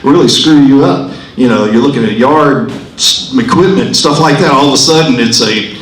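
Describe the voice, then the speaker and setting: A man's voice: medium pitch, moderate pace, slight background noise. A man in his sixties doing a stand-up comedy set in a club, rambling, profane and self-mocking, working the crowd. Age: 60s. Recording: echoey club room.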